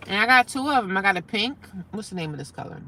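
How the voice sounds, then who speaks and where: A woman's voice: mid-range voice, animated, quick pace, gravelly, pushed and bright, a little hiss or hum. A middle-aged woman chatting casually on a live stream, reading out viewer comments and answering them.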